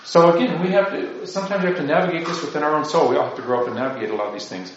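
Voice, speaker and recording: A man's voice: a little high, rapid-fire, a little hiss or hum. Rambling man in an echoey room. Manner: rambling, self-deprecating, full of asides. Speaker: speaker giving a parish talk. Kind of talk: informal spiritual talk. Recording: distant mic, very echoey, dull lo-fi sound.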